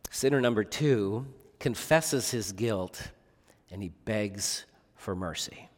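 A man's voice: lowish voice, takes it slowly. A man preaching a sermon as pastor, earnest, often asking the listeners rhetorical questions. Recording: long reverb of a large hall.

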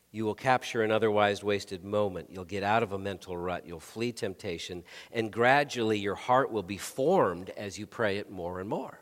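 Animated preacher in a reverberant hall. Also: male voice, on the low side. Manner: animated, conversational preaching with many restarts. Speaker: pastor. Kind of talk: sermon.

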